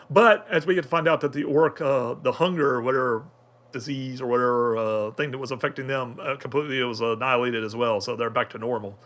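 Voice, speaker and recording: A man's voice: mid-range voice, fairly even intonation, fast talker, fairly bright tone. A man talking through an anime episode in casual review commentary, rambling with many fillers and restarts.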